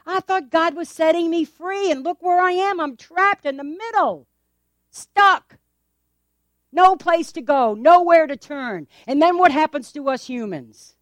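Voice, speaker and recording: A woman pastor preaching a sermon in a church, animated and acting out the voices of the people in her story, laughing often. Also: very high-pitched, unhurried, no room sound.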